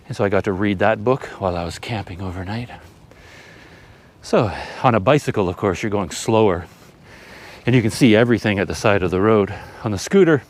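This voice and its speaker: Breathless man, rambling and self-deprecating, low voice, hiking outdoors and filming himself. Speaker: travel vlogger. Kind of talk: casual vlog talk while hiking. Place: outdoors on a hill trail. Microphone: handheld camera.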